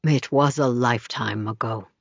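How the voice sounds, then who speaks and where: A woman voicing a low, slow, weary husband. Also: dry recording, lo-fi sound. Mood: sad, easy. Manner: slow, easy, sad. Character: man, world-weary philosophizing husband.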